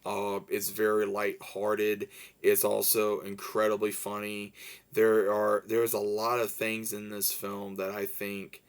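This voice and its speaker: Man, low-pitched, casual movie reviewer, loose and rambling, full of "um" and "you know", excited about the film. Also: slow pace. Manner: rambling, many fillers and restarts; enthusiastic, laughs while recalling scenes.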